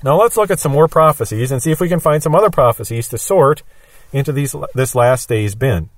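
A man teaches Bible prophecy in a patient, step-by-step way and leans on everyday examples to make his points. His voice sits in an ordinary middle pitch. The recording is dry, with no room echo. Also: fairly quick.

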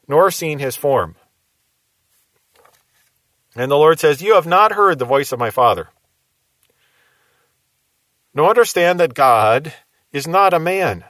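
A man teaching through Bible verses in a measured, explaining way, often asking rhetorical questions. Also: on the high side, animated, a bit bright, dry recording.

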